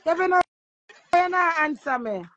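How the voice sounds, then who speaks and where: A woman's voice: very high-pitched, expressive, moderate pace, a bit bright, muffled recording. A Jamaican woman ranting brashly and crudely on a phone live stream, defiant toward her critics. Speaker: social media personality. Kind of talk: instagram live rant.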